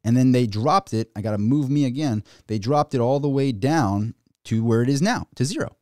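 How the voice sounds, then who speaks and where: A man hosting a casual livestream and ranting about the markets, excitable and rambling, with many restarts. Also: medium pitch, normal speed, dry recording, clean studio sound. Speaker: finance YouTuber.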